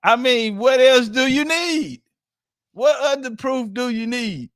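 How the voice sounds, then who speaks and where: A man's voice: very high-pitched, animated, takes it slowly, fairly bright tone, no echo, clean studio sound. A man giving casual, profane commentary on clips, laughing and mocking as he talks. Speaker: online commentator.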